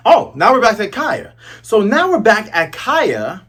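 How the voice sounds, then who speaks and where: A man hosting a casual, jokey comic chapter review, recapping scenes with excited asides. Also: high voice, a little slow, slightly rough. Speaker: host.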